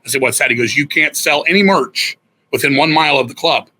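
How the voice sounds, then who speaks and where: A husky, hard-edged man in middle age, telling a story as a podcast guest. His voice sits a little high, and he swears freely as he acts out other people's lines. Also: brisk, pushed and bright, poor audio. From Virginia, USA. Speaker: guest musician. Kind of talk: casual storytelling interview.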